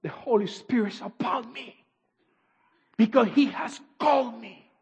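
A man preaching a sermon and reading scripture aloud, swinging from shouts to near-whispers, with non-native English phrasing. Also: very high-pitched, measured pace, vocal fry, slightly rough. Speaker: pastor. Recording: dull echoey hall recording.

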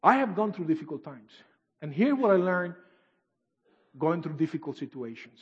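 Male pastor with non-native English phrasing, sermon delivery swinging from shouts to hushes; dull, reverberant hall recording. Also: a little high, very animated, moderate pace, breathy edge. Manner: dramatic swings from shouts to near-whispers, reading scripture aloud.

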